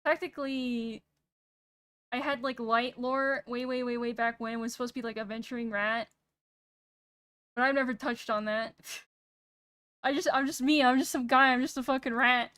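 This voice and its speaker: High, soft-spoken young woman streamer. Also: clean tone, no room sound. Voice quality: soft-spoken, somewhat monotone. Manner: rambling, pausing every few words. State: sick. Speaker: VTuber streamer. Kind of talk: casual chat stream. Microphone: streaming mic with noise gate.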